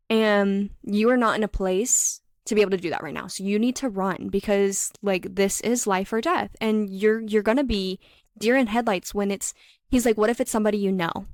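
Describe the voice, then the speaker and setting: A woman co-hosting a book podcast, retelling scenes in a casual, filler-heavy way with quick quoted voices. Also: medium pitch, no room sound, studio quality. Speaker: podcast co-host. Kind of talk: casual book recap chat.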